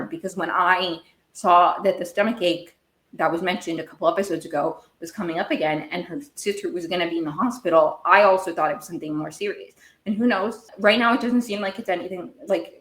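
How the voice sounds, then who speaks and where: A woman's voice: on the low side, fairly bright tone. A woman hosting a podcast, recapping a TV show in a rambling, casual way and getting worked up as she talks. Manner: rambling, gets worked up and emotional. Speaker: podcast host. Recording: echoey room.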